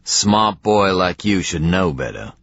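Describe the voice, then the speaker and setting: Guy putting on a grunting southern old drifter, gruff and low, dry dull audio. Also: big pitch swings, slow, fairly bright tone, a little hiss or hum, exaggerated voice. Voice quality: guttural, grunting. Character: gruff ugly old Southern male park walker.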